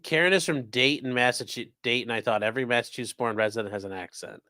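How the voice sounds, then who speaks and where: A man's voice: mid-range voice, fast, bright, forceful tone. A man hosts a casual live stream in a mid-range voice. He rambles and makes sarcastic jokes. He also reads viewer chat aloud as he reacts. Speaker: streamer host reacting to trial news.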